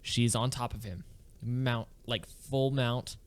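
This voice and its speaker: A young man with an everyday mid-range voice co-hosts a relaxed podcast. He tells stories with plenty of enthusiasm, talking loosely to his friend. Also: medium pitch, slow pace, smooth. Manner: enthusiastic, animated storytelling. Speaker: podcast co-host. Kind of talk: casual chat.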